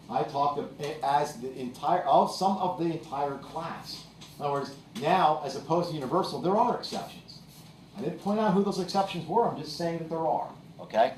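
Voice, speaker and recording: A man's voice: fairly high pitch, fairly quick, recorded from a distance, a little hiss or hum. Man lecturing in an echoey classroom. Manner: explains with examples, keeps checking in with "okay?". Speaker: teacher.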